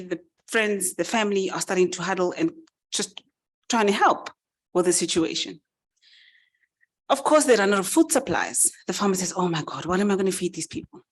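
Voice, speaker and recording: A woman giving a speech, narrating a farmyard fable with lively, animated delivery. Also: medium pitch. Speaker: summit speaker. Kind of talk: storytelling speech.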